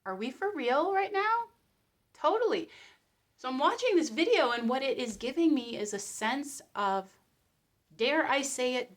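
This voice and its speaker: A woman vlogger talking casually to camera. She speaks in an animated way and acts out little quotes. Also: mid-range voice. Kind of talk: casual commentary vlog.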